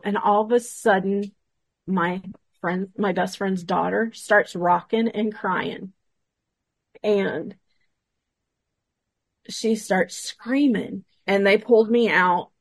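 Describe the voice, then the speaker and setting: Her voice sits in the mid-range, and there's no room sound at all. This paranormal investigator, guesting on an interview show, shares an investigation story with casual animation, voicing the dialogue herself.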